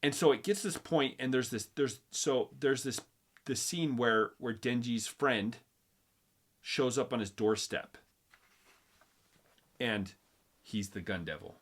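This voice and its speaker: Male host, casual chat, animated storyteller who acts out the quotes and trips over his own sentences. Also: mid-range voice, takes it slowly, long pauses. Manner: animated retelling, acts out quotes, many restarts.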